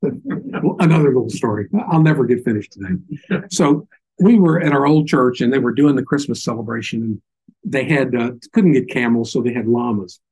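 A man's voice: medium pitch, normal speed, darkish tone, slightly rough, rough recording. An older man with a Southern accent giving an informal Bible teaching, folksy and full of little stories and asides. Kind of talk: informal sermon.

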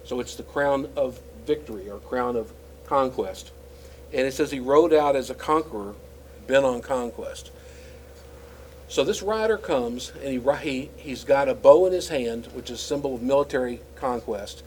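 A man's voice: mid-range voice, moderate pace, slight background noise, low-quality recording. A man teaching scripture in a conversational, explanatory way, with frequent fillers and restarts. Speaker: Bible teacher.

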